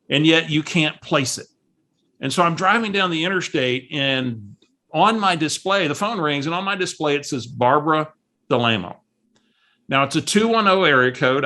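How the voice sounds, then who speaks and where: On a call, a man working as a real estate coach tells a story animatedly, acting out the voices of its characters. His voice is fairly high.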